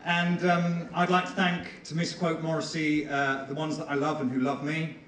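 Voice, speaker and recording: A man's voice: a little high, little pitch movement, normal speed, a bit bright, slight background noise. Dry, self-deprecating man accepting an award. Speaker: award-winning actor. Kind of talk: acceptance speech. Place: large theatre stage. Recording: echoey theatre, far from mic.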